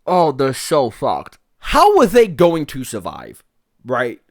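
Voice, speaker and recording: A man's voice: mid-range voice, wildly swooping pitch, slow pace, no echo, studio quality. A man hosting a webtoon reaction, talking casually, swearing freely and laughing often. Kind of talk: casual reading and reaction commentary.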